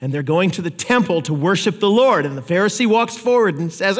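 A man preaching a sermon, telling stories with lively acted-out quotes. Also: high voice, brisk, in a large hall. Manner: animated storytelling, acts out quotes. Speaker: pastor.

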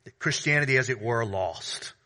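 A man preaching a sermon, reading scripture and then expounding it earnestly, building louder through repeated phrases and dropping soft on asides. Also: mid-range voice, animated, moderate pace. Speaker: pastor.

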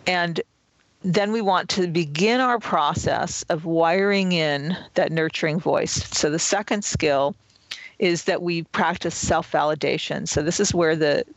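A man's voice: fairly high pitch, a bit bright, no room sound, rough recording. A man, the author, answering an interview question and patiently explaining self-help skills one step at a time. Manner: earnest, patient, step-by-step teaching. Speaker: author and guest.

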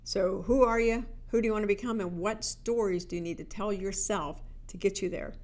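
A middle-aged woman, a life coach, giving an energetic motivational talk and acting out the voices in her stories. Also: mid-range voice, brisk. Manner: energetic, animated storytelling with quoted inner voices.

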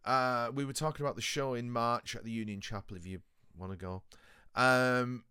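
A man's voice: mid-range voice, steady tone, normal speed, sharp tone, smooth, no echo, clean studio sound. A man from England co-hosting a casual podcast, easygoing and chummy, telling anecdotes. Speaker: podcast co-host. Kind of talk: casual chat.

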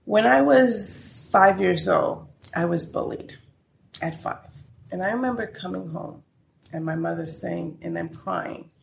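Gravelly-voiced woman telling stories. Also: lowish voice, measured pace. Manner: candid storytelling, laughs often. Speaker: interview guest. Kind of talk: casual interview conversation. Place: her studio. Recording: echoey room with faint noise.

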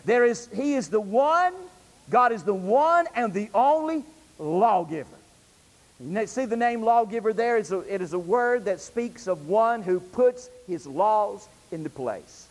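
A man preaches to his congregation, pressing them with rhetorical questions. His voice sits very high, and his delivery rises and falls animatedly. The sound carries a long reverb, as if it was recorded in a church hall. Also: expressive, unhurried. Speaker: pastor. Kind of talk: sermon. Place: church sanctuary.

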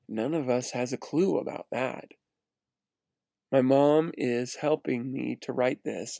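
A man reads a personal story aloud in an earnest, steady way, sometimes restarting a phrase. His voice is gravelly and fry-tinged, recorded close and dry with no room sound. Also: mid-range voice, no room sound. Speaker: narrator. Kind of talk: read-aloud first-person story narration.

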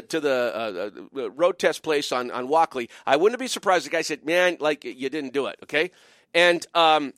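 A man's voice: high voice, fairly bright tone, no echo, studio quality. A man hosting a call-in radio show, telling a long rambling story full of "okay?" and "you know" asides. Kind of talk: animated storytelling monologue.

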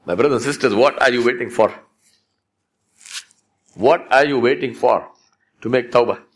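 A man's voice: medium pitch, normal speed. A man preaching a sermon, exhorting his listeners with emphatic repetition.

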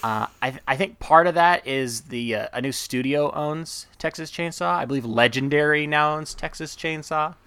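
A man's voice: fairly high pitch, moderate pace, few pauses, sharp tone, smooth, dry recording. A man hosting a movie podcast, talking in a rambling, enthusiastic way full of asides. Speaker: podcast host. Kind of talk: casual chat.

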